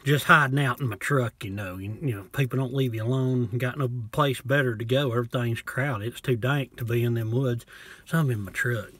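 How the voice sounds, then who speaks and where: A man casually reviewing a bottle of rum from inside his parked truck, talking in a folksy, low-key way and cussing now and then. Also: fairly quick, a bit bright, breathy edge, no echo. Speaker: vlogger reviewing liquor.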